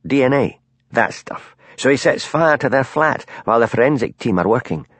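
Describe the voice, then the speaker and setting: A man voicing a gruff, scornful old fisherman. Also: medium pitch, animated, moderate pace, no room sound.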